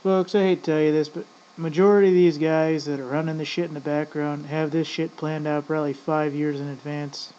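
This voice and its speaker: The vlogger's delivery is flat and brisk, his voice a little high yet mellow. He rambles through a profane, casual rant, regularly addressing "folks," on dull lo-fi audio with faint noise.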